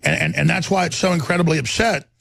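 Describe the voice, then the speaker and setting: A man in his forties hosting a talk radio show, delivering a heated, rambling monologue with a husky voice and repeated words. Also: on the high side, fast talker, a bit bright. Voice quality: gravelly, husky voice.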